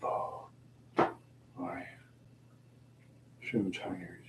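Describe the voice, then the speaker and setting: A tired, sleepy man chatting alone on a livestream, talking slowly with sighs and trailing words. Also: deep voice, level tone, very noisy. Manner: slow, drowsy, sighing and trailing off. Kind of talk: sleepy solo livestream chat.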